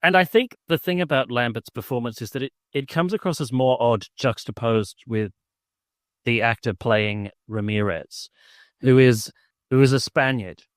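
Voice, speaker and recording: A man's voice: mid-range voice, moderate pace, no room sound. Male podcast co-host with a mid-range voice, an easygoing rambling delivery and a dry recording. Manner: rambling, full of "like" and restarts, enthusiastic. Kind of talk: casual film-review chat.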